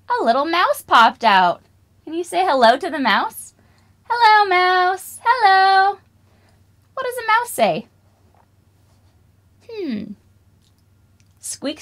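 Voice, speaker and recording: A woman's voice: high-pitched, fairly bright tone. A young woman leading a preschool music lesson, singing and talking to toddlers with exaggerated wonder and lots of questions. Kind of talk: children's lesson, singing and toy play.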